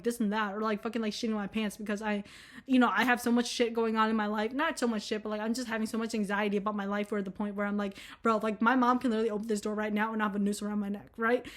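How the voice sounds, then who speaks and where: A young woman in college talking frankly and profanely in a rambling vlog monologue, full of fillers. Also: fairly high pitch. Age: young adult. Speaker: vlogger. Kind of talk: casual candid monologue.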